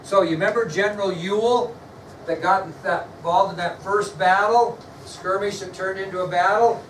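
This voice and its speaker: A male history teacher lecturing a class, quizzing students and spelling words out slowly. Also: high voice, fairly even intonation, fairly bright tone, a little hiss or hum. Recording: echoey classroom, mic far off, faint ambience.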